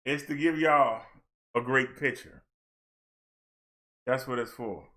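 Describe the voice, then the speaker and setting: A man's voice: medium pitch, slow, pushed and bright. A man vlogging in a loose, chatty way, repeating himself and talking straight to his viewers on a helmet-mounted camera. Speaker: vlogger and minister. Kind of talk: casual chat to viewers.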